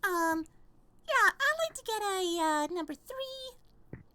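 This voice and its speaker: A man putting on a sharp, high-pitched voice of a bubbly young woman. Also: lively intonation, takes it slowly, heavily acted. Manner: high, sharp, girlish put-on voice.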